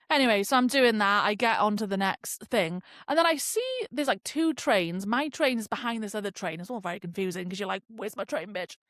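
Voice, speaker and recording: A woman's voice: fairly high pitch, fairly bright tone, dry recording, studio quality. A young woman hosting a podcast, telling a story in a casual rant and swearing freely. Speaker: podcast host. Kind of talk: casual ranting monologue.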